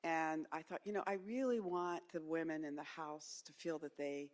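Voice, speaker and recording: A woman, a former member of the House, speaking in a measured, conversational way on a lecture panel with frequent ums. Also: sits low, steady tone.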